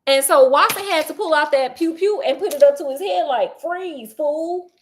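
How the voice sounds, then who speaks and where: A woman's voice: sits high, fairly quick, slight background noise. A woman retelling a classic detective story in a casual, slangy, joking way with playful asides.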